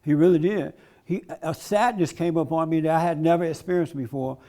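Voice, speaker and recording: At a conference, a man gives a blunt, emphatic talk in a preaching style, laughing along with the audience. His voice is a little high and dark in tone, and he speaks a little fast.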